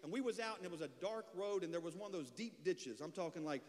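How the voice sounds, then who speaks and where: High-voiced pastor preaching in a reverberant hall. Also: male voice, fast. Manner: lively storyteller, swings from loud bursts to low, hushed lines. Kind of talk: storytelling sermon. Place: church sanctuary. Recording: long church hall reverb.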